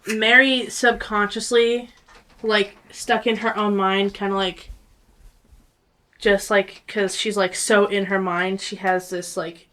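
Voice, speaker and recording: A woman describing her character at a tabletop game. She rambles in a chatty way, and her voice sounds bright. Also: medium pitch, recorded from a distance, low-quality recording. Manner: chatty, rambling with many fillers. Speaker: player.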